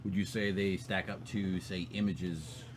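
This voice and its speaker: A man co-hosting a podcast, asking follow-up questions with halting restarts, heard from a distance from the mic. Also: low-pitched, steady tone, noisy background. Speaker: podcast co-host. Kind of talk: casual chat. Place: comic shop.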